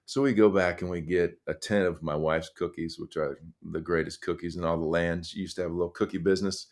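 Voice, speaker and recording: A middle-aged man, a high school coach, talking through stories in an earnest, animated way with lots of fillers and restarts. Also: a little fast. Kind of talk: conversational storytelling.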